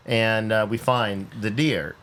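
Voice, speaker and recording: A man from California, hosting a podcast and telling a lively story, often repeating words as he gets going. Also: fairly low pitch, takes it slowly, slight background noise. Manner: animated, repeats words when excited. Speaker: podcast host. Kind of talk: casual storytelling.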